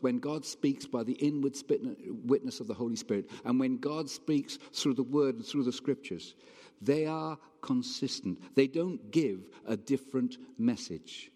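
A male preacher delivers a sermon in a warm, middle-pitched voice, keeping it conversational and emphatic. He often checks in with his listeners by asking the congregation questions. His voice fills a church hall with a long reverb.

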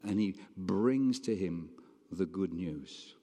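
A man's voice: low-pitched, expressive, slow pace, warm tone. A man preaching a sermon in a conversational, emphatic way, often stopping to ask his listeners questions. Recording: long reverb hall.

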